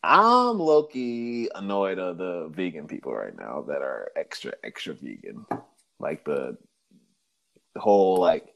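Deep-voiced man, casual podcast co-host, slangy and rambling, acts out quotes. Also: big pitch swings, measured pace, creaky, a bit bright, lo-fi sound. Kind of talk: casual chat.

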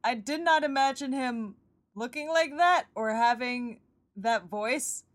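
Casual podcast co-host, woman, slightly high pitch, rambling and giggly delivery. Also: measured pace. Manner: rambling, giggly, lots of fillers. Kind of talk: casual chat about a TV show.

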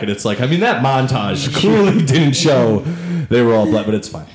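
A man hosting a podcast in casual chat, blunt and animated, swearing freely. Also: medium pitch, moderate pace, a loud crowd. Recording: roomy echo with faint noise.

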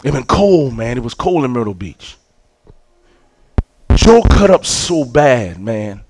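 A man, preaching a sermon as a story, acting out scenes and repeating words when excited. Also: medium pitch, slow pace, poor audio.

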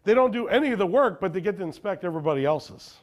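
A man's voice: high-pitched, animated, fast talker. A man preaching a sermon as a pastor, often asking the congregation questions and answering them himself.

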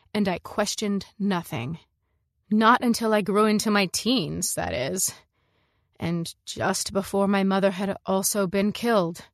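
A woman narrating a science fiction story in the first person, in a measured, reflective way. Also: medium pitch, dry recording, studio quality. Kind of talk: scripted narration.

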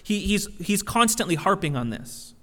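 A man with a high voice preaching a sermon, talking in a loose, animated way and often tripping over and restarting his words. His voice carries a long reverb tail, as in a large church hall. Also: moderate pace. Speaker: pastor.

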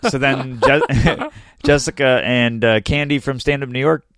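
A man's voice: mid-range voice, a little slow, a bit bright, no echo, clean studio sound. A young man, a comedian and podcast co-host, telling a rambling, self-mocking story in casual chat and laughing often.

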